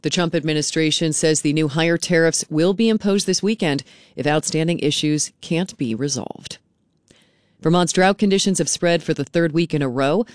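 Female local radio newsreader, steady and clear, dry studio read. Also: sits low, normal speed, dry recording. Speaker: local news host. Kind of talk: local newscast and station announcements.

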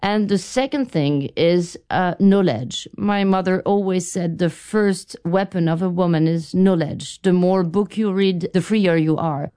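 Low, smooth-voiced woman recalling her past. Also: dark tone. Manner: thoughtful, halting, with restarts. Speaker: interview guest, writer. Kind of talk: reflective interview answers.

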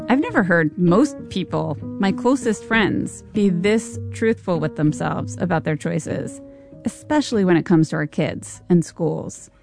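Woman narrating over guitar music. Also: medium pitch. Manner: measured, reflective. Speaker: host. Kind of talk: scripted podcast narration. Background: soft guitar music.

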